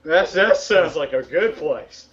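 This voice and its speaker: High-voiced man, blunt and lo-fi. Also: animated, a bit bright. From Latvia. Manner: blunt, swears, fast bursts. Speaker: podcast co-host. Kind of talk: casual chat. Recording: dull lo-fi audio.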